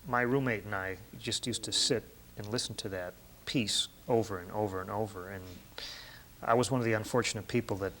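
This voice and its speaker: Low-voiced man interviewing. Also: steady tone, a little fast, fairly bright tone. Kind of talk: casual interview conversation.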